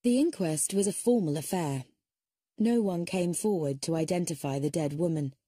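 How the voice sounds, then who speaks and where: A woman's voice: normal speed, warm tone, breathy edge, dry recording, studio quality. A woman reading an audiobook aloud, narrating the story and shifting her voice for each character. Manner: shifts pitch to voice different characters.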